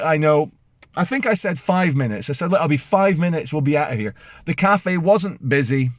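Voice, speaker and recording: A man in his forties with a Canadian accent, telling a story to camera in a casual, animated way and acting out the people he quotes. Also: on the high side, no echo, studio quality. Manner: animated, acts out quoted voices, many restarts. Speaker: vlogger.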